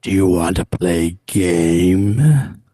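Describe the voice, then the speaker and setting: A man playing a horror-movie killer, speaking slowly and low with a drawn-out, creepy delivery on a casual podcast. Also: animated, warm tone, husky, full character voice. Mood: menacing. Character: menacing horror-movie killer voice, male adult. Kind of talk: podcast chat.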